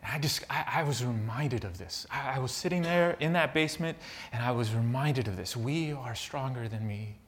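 A man's voice: medium pitch, lively intonation, brisk, a bit bright, slight background noise. A man preaching a sermon, telling a personal story and turning it into earnest reflection. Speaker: pastor.

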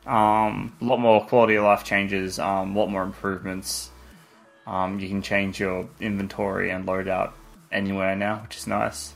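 A man's voice: low-pitched, flat delivery, moderate pace, vocal fry, faint music behind. An Australian man co-hosting a podcast, talking about games in a laid-back, candid way, often restarting his sentences. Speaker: podcast co-host. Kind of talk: casual gaming chat.

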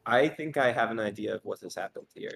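A man's voice: lowish voice, fast talker, vocal fry, fairly bright tone. A man playing a tabletop game, thinking aloud with hesitant fillers. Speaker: player. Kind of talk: casual tabletop play.

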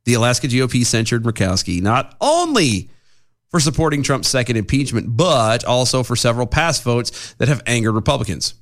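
A man co-hosting a podcast, reading news items aloud and then pushing back with his own opinion. He speaks close into a studio mic with a pop filter. His pitch swings widely as he talks. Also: very animated, fairly quick. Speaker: podcast co-host. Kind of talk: casual news chat.

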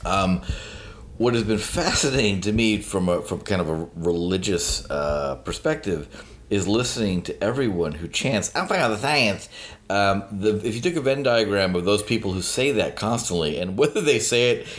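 A man's voice: lowish voice, animated, moderate pace. A man on a talk podcast, giving sardonic, opinionated commentary with many fillers and digressions. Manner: sardonic, mocks a phrase in a sing-song voice; hesitant fillers, long digressions.

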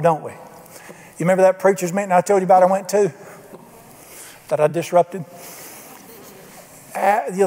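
A man's voice: high voice, darkish tone. A man preaching a sermon, telling folksy stories and acting out the people he quotes. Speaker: pastor. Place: church sanctuary. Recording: long reverb of a church hall.

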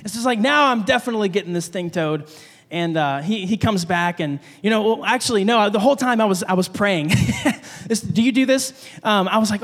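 A young adult man, a pastor, preaching a conversational sermon in a church, telling a personal story with animated delivery and acting out his own panicked thoughts. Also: sits high, fairly quick. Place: church sanctuary. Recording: long hall reverb.

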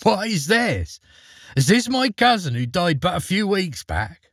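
A man's voice: high-pitched, sing-song, measured pace, husky, dry recording, clean studio sound, pitched above the performer's own voice, exaggerated voice. Man doing Eric, cheeky fearless boy. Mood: amused.

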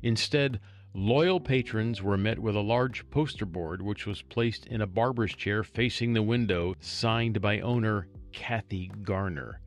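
A man's voice: fairly low pitch, a little slow. A man reading a local news story aloud and adding chatty, wry asides as a storytelling host.

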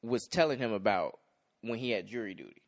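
Relaxed young man podcast co-host. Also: on the low side, brisk. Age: young adult. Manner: relaxed, easygoing, many fillers. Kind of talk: casual chat recapping a TV episode.

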